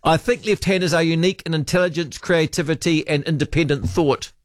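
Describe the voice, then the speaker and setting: A New man hosts talkback radio in a fairly high voice, musing aloud and reading listener texts. He drifts between thoughts and trails off with ums. His studio mic sounds close and dry. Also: steady tone, a little fast, no room sound. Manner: rambling, hesitant, trails off with ums.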